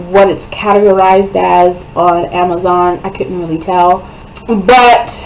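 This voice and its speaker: Slow, chatty woman reviewing a book. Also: mid-range voice, rough recording. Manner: chatty, animated, keeps asking "okay?".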